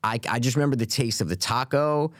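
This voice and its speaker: A man's voice: mid-range voice, lively intonation, fast talker, no room sound, clean studio sound. Young man rambling through a story. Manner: rambling, swears often, acts out quotes. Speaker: podcast co-host. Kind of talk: casual storytelling chat.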